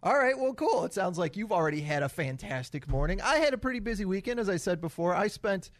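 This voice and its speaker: An easygoing man chatting as podcast co-host, chuckling along with the others. His voice sits somewhat high. The recording is dry and close. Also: lively intonation, fast talker, no echo. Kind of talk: casual chat.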